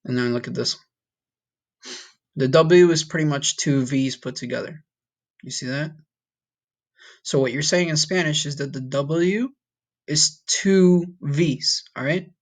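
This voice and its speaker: A man's voice: medium pitch, moderate pace, pauses often. A man teaching a recorded Spanish lesson, patiently repeating each sound and encouraging the listener.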